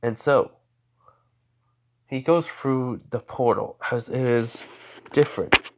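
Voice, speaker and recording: Man, improvised fan-story narration, rambling, casual, middle pitch. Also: slow pace, heavy background noise. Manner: rambling, many fillers and restarts.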